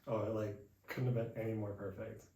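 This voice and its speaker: A young man hosting a podcast, telling a travel story in a relaxed chat at home and acting out the people he met. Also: fairly low pitch, fairly quick. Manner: animated, acts out quoted voices. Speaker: podcast host. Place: indoors at home. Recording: echoey room, mic far off, faint hiss.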